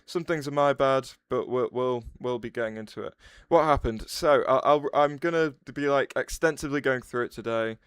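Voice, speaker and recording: Guy rambling on a live stream, keeps restarting, reading chat out loud, smooth clean voice. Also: medium pitch, moderate pace, few pauses, no echo. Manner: rambling, restarts sentences, answers chat aloud. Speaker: livestreamer. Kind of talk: casual livestream chat.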